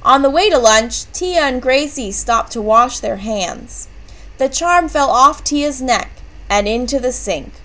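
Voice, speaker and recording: A woman reading a children's book aloud, with clear and expressive storytelling. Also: sits high, unhurried, rough recording. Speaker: storybook reader.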